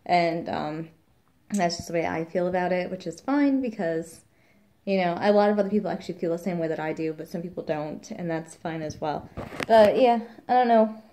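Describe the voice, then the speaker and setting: A woman's voice: lowish voice, normal speed, dark tone. A woman, a new mother, chatting casually in a rambling vlog, quoting the people around her.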